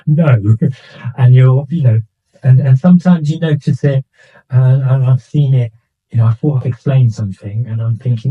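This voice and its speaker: A man's voice: mid-range voice, fairly even intonation, normal speed, breathy edge, phone-quality sound. An older man, a senior nurse chatting casually as an interview guest, self-mocking and acting out little quoted exchanges.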